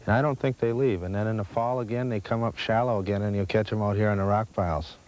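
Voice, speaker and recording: A man's voice: lowish voice, fairly even intonation, quick pace, a little mellow. A man explaining fishing patterns from a boat in a plain, matter-of-fact way. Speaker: local fishing guide. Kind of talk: casual on-the-water fishing chat. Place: outdoors on a boat on a lake. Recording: 1980s VHS field audio with light noise.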